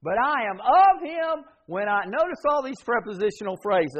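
In a muffled recording, a high-pitched, animated man preaches at normal speed with hardly any pauses. He gets the congregation to repeat after him, hammering his key words through emphatic repetition.

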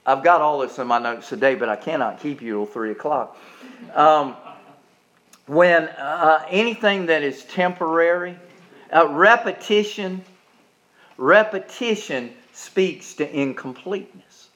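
A male pastor preaching a sermon, swinging from soft, low passages up to loud, high-pitched climaxes. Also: a little slow. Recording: dull lo-fi recording.

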